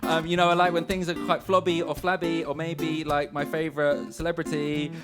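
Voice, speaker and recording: A young man hosting a comedy show, freestyling rhymes full of quick puns. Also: a little high, little pitch movement, loud music behind the voice. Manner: quick punning wordplay. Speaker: host.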